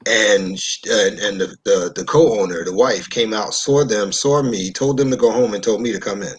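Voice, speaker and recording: A man from New York in casual discussion, an animated storyteller who repeats himself. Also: fairly low pitch, normal speed, a little hiss or hum.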